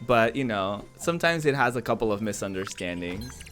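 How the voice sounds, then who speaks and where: A man's voice: on the low side, animated, brisk, fairly bright tone, faint music behind. A man streaming a game, chatting casually with his viewers, giggling often and answering chat aloud. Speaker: Twitch streamer.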